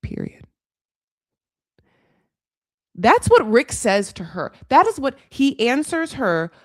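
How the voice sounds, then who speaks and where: Brief: sarcastic female recap host, lively pitch, dry close sound. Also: measured pace, no room sound. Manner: animated, sarcastic, swears freely. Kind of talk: comedic reality TV recap commentary.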